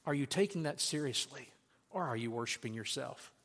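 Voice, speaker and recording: A man's voice: mid-range voice, lively intonation, a little fast, a bit bright. A man preaching a sermon, earnest and direct, telling a story to make his point. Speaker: pastor. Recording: long hall reverb.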